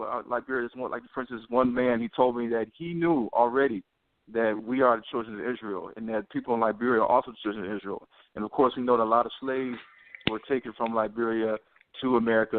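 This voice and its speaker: A man co-hosting a podcast, telling a long story full of quoted dialogue. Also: medium pitch. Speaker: podcast co-host. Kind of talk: casual storytelling. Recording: tinny phone line.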